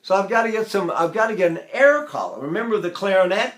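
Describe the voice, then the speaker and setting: Older male tenor teacher, conversational lecturer, a touch high-pitched, rambling with fillers. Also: expressive, fast talker. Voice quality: trained tenor voice. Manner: conversational, many fillers, breaks into full operatic singing. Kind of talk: lecture with sung demonstrations.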